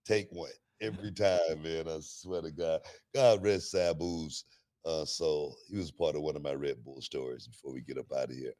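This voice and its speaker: A middle-aged man co-hosting a podcast, telling stories in a loud, animated way with lots of slang and laughter. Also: rumbling low, moderate pace. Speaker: podcast co-host. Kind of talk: casual storytelling chat.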